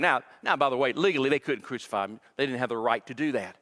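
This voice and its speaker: A man's voice: mid-range voice, quick pace, few pauses, a bit bright. A male pastor preaching a sermon in a church, dramatic and emphatic, repeating words as his intensity builds. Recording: long reverb of a large hall.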